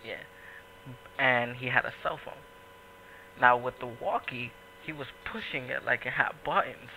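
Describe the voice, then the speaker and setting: Brief: New man, podcast host, swears freely, animated anecdotes, middle pitch. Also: measured pace, a little hiss or hum, low-quality recording. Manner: profane, animated storytelling with voiced quotes. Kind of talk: casual podcast chat.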